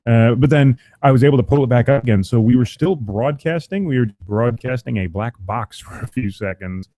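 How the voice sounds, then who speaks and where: A man's voice: mid-range voice, a little fast, dark tone, no room sound. A man co-hosting a podcast, chatting in a laid-back way and swearing casually. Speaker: podcast co-host running the stream.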